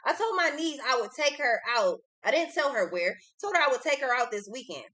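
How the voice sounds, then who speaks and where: Tarot reader, young woman, blunt and profane, bright tense tone. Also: sits high, expressive, brisk. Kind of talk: casual tarot reading monologue.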